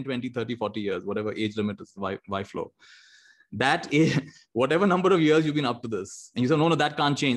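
A man giving a motivational talk as a meditation teacher over a video call, animated and storytelling, often laughing and acting out quotes. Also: mid-range voice.

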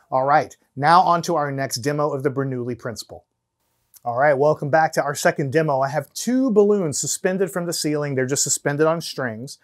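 A man teaching physics, explaining hands-on demonstrations step by step and counting down before each one. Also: on the high side. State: out of breath at times from blowing. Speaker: science teacher.

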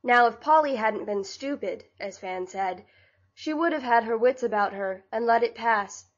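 Woman narrating an audiobook, higher voice. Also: moderate pace. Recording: slightly dull lo-fi audio.

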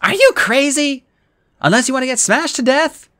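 A man reading an audiobook, voicing an insistent, sharp-witted teenage girl in a raised voice. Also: expressive, moderate pace, no room sound, studio quality, full character voice. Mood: incredulous. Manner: insistent, raised pitch, shouting. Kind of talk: audiobook character voice.

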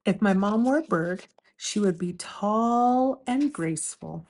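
Gentle woman reading aloud to kids, unhurried, clear and friendly in tone. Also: medium pitch, animated. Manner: gentle, slow and clear, asking little questions of young listeners. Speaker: children's storybook reader and channel host. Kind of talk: reading picture books aloud to children.

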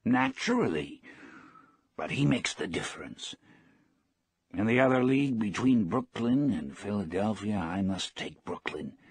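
Gentle old fisherman in a storybook reading, a man doing the voice, low and unhurried, dry close sound. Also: sing-song, slightly rough, no room sound, exaggerated voice. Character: poor old male fisherman, gentle, proud. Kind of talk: audiobook reading.

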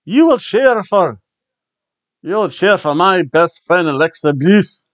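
A man's voice: mid-range voice, unhurried, no room sound, lightly acted. A man voicing a woman wrestler who scolds a crowd on the mic, attempting a Scottish accent badly. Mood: scolding. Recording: dull lo-fi dry recording.

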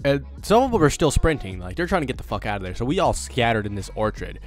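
A man's voice: mid-range voice, very animated, fast talker, faint music behind. A teenage boy telling a story casually to camera as a vlogger, rambling and swearing with lots of fillers.

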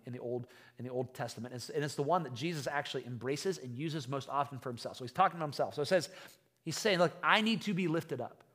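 A man preaching a conversational sermon as pastor, retelling a story in an animated way with frequent restarts. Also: medium pitch.

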